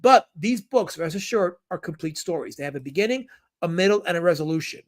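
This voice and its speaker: A man live-streaming, reading chat comments aloud and talking about comics in an animated, jokey way. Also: high voice, fairly quick.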